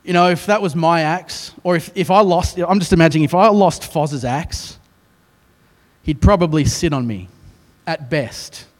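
Australian male pastor, sermon, lively storyteller with self-deprecating humour; somewhat higher voice, long reverberant hall. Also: moderate pace. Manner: animated storytelling with self-mocking asides.

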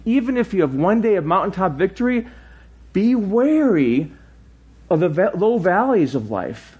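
A middle-aged male pastor preaching a sermon in a relaxed, conversational way, with asides and restarts. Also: high-pitched, fairly quick, husky.

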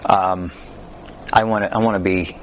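A man's voice: sits low, flat delivery, moderate pace. Male Bible study teacher, conversational delivery with funny stories and scripture readings, faint background noise. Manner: conversational, tells humorous stories, reads scripture aloud.

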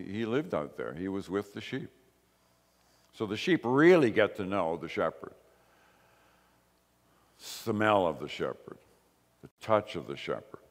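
A man preaching a sermon as pastor, slow and emphatic, with repeated short phrases. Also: sits low, big-room sound. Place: church.

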